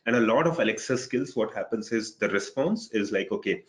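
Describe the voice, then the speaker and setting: A man's voice: on the low side, animated, a little fast. A man co-presenting a webinar on a video call, explaining casually and often adding "right?".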